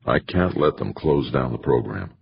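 A brooding male astronaut, read by a man in his own deep voice, speaks quietly and earnestly in a very husky tone. The audiobook recording is dry and slightly dull. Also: animated, normal speed, dry recording, full character voice.

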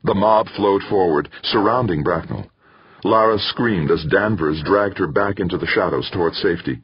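A man narrating an audiobook in a steady, somber way. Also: deep voice, moderate pace, a little hiss or hum. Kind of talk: scripted narration. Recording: muffled dry recording.

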